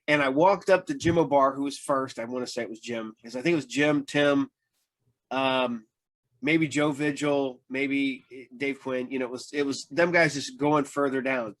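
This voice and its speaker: A man's voice: medium pitch, normal speed, fairly bright tone. A man hosting a podcast, telling rambling anecdotes in a casual chat, full of fillers and acting out what people said. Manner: rambling storyteller, acts out quoted voices, many fillers. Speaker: podcast host.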